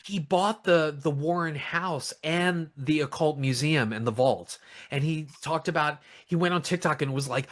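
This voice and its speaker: A man co-hosting a casual film review, animated and swearing often, acting out lines from the movie in mocking voices. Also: on the high side, moderate pace. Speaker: podcast co-host reviewing films.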